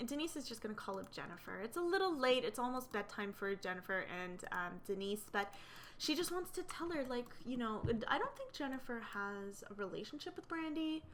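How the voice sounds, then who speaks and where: A woman's voice: a little high, a bit bright. A young woman narrating a life simulation game in a casual, chatty way, full of fillers and gossip. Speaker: let's play narrator.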